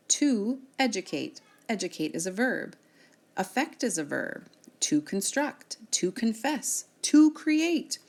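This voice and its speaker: A woman teacher giving a recorded reading lesson, sounding out words slowly and clearly for her students. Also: mid-range voice.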